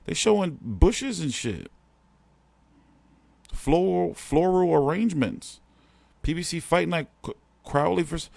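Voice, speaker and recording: A man's voice: a little high, animated, a little slow, creaky, long pauses, darkish tone, dry recording. A man hosting a boxing show, talking in a rambling, profane, slangy way while he complains during a casual live stream. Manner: slangy street talk.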